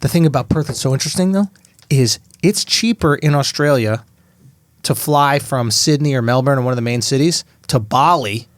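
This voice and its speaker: A man's voice: medium pitch, normal speed, no echo. Man telling loose comic travel stories. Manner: loose storytelling, swearing, laughing bursts. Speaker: podcast co-host. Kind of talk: casual comedy podcast chat.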